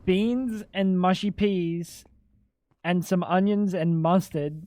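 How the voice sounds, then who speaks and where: A man's voice: sits high, takes it slowly, warm tone, dry recording. A young adult man streaming live, chatting casually with crude jokes and swearing, sounding incredulous.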